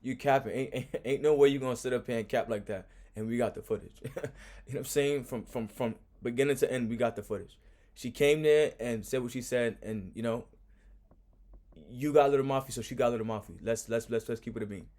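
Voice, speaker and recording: Casting note: mid-pitched man, laid-back host, frank casual commentary. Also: a little fast, a little mellow. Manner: laid-back, frank, repeats "you know what I'm saying". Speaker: host reacting to a clip.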